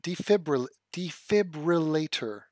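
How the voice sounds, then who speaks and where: A man's voice: fairly high pitch, animated, measured pace, a little mellow, dry recording. A man streaming live, swearing as he rants and stumbling over a hard word while laughing at himself. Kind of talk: casual livestream commentary.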